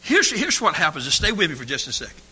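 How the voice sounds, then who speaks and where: Older preacher, folksy and lively, fairly high voice, husky edge, reverberant church. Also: male voice, fast talker. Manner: folksy storytelling, swinging from hushed asides to shouting. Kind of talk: sermon. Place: church sanctuary. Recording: long hall reverb.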